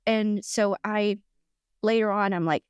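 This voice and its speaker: Appearing as a podcast guest, a middle-aged woman tells her story in a lively, chatty way, stumbling over fillers and restarts. Her voice is mid-range, unhurried and clean. The recording is close and dry, with no room sound.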